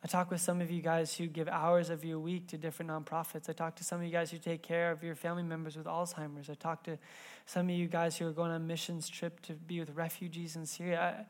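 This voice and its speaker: A man in his thirties, a pastor giving a sermon in church, telling a family story in a conversational way that swings between soft asides and loud bursts. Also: a little high, completely flat delivery, fast talker.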